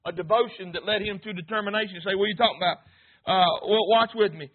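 A man preaching a sermon, swinging between fervent shouts and low murmurs. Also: fast. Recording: tinny, phone-like sound.

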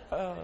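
A man's voice: high-pitched, background noise. A middle-aged man preaching a sermon as pastor, folksy in his stories and rising to fervent preaching.

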